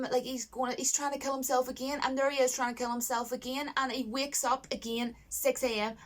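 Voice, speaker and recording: A woman chatting to camera about a film she loves, gushing and animated, laughing often and mimicking lines in a higher voice. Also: fairly quick, few pauses. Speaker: vlogger reviewing a film. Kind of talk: casual chat to camera.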